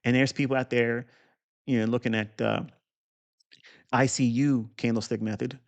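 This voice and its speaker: A gravelly man talks through a chart lesson, blunt and profane, bragging as he goes. His voice sits at an ordinary middle pitch. He speaks off the cuff into a desk mic. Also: flat delivery, moderate pace, lo-fi sound. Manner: blunt, profane, boastful, asides. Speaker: trading educator. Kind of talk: unscripted chart walkthrough.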